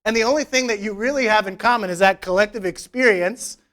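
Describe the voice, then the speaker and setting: A man's voice: high voice, fast, a bit bright. A man preaching a conversational sermon in church, retelling scripture with casual, joking asides. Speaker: pastor. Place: church service.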